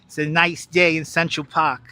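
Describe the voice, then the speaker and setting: His voice is a little high with little pitch movement, pushed and bright, at a normal speed in a dry recording. A chatty New York tour guide live-streaming a casual walk through a large city park, he wears a wireless clip-on mic, reads out viewer chat, and laughs easily.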